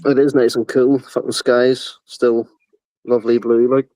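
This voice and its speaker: A man's voice: medium pitch, flat delivery, a little slow, mellow, no echo, low-quality recording. A man in casual chat, telling stories at a rambling pace and swearing casually.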